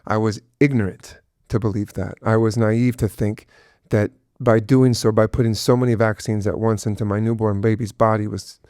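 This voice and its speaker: A middle-aged man appears as a guest in an emotional personal interview, speaking earnestly about his son as a father, with many restarts and fillers. His voice is fairly low and darkish, at a moderate pace with fairly even intonation. The recording is dry, with clean studio sound.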